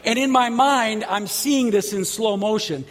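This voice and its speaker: A man preaching a sermon, telling a story with lively energy and shouting at the big moments. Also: high voice, unhurried, big-room sound. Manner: animated, shouts at story peaks. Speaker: pastor.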